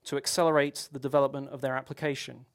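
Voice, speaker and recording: A man's voice: mid-range voice, level tone, fast talker. A man giving a technical conference talk, explaining at length with rhetorical questions and frequent restarts. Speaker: conference speaker.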